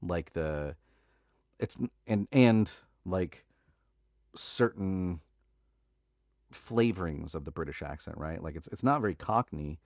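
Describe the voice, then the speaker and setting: A man's voice: sits low, slow, long pauses, no room sound, clean studio sound. A man who narrates audiobooks, chatting casually on a live stream in a laid-back way, with lots of filler words and easy laughs.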